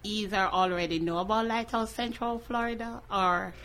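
A woman speaking as a guest in a radio studio interview, earnest and measured. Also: mid-range voice, a bit bright, slight background noise.

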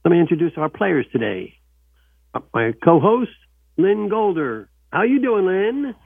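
A man's voice: sits high, very animated, a little slow, creaky, slightly rough. A man hosting a call-in radio show, joking with co-hosts and repeating welcomes. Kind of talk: casual radio talk. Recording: dull lo-fi radio sound.

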